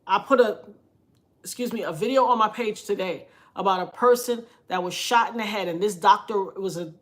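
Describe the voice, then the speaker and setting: Animated woman telling a story on a livestream. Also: mid-range voice, brisk. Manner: animated, preachy, swings between loud emphasis and soft asides. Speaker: livestream host reading viewer comments. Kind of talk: casual storytelling monologue.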